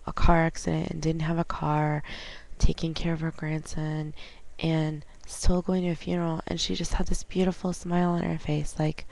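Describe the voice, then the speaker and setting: A woman vlogging at home on a webcam, chatting casually and retelling conversations with lively quoted dialogue. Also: low-pitched, vocal fry. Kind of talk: casual storytelling.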